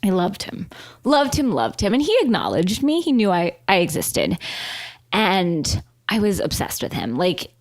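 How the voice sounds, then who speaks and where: A woman's voice: fairly low pitch, very animated, measured pace. A woman co-hosting a podcast who laughs often and retells a story in a dramatic, bubbly way. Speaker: podcast co-host. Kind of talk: casual storytelling chat.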